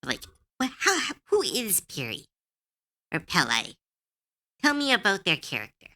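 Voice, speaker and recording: A woman's voice: mid-range voice, huge pitch swings, unhurried, sharp tone. A woman streamer in casual livestream chat, giggly, chatty and self-deprecating.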